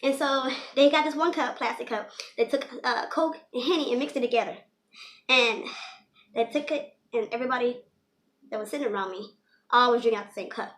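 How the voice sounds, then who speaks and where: A woman's voice: a little high, brisk, a bit bright. A young woman telling a personal story in a casual, rambling way, full of "you know" fillers. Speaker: storyteller vlogger.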